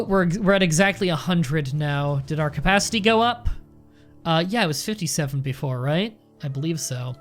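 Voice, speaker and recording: Thinking aloud as he goes, a male let's play host rambles chattily through casual commentary in a slightly high voice.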